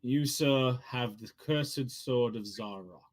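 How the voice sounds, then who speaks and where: A man voicing a haughty, grand male keeper of relic lore, who speaks slowly and gravely for a tabletop game. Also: medium pitch, pitched below the performer's own voice, natural voice. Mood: grave, condescending.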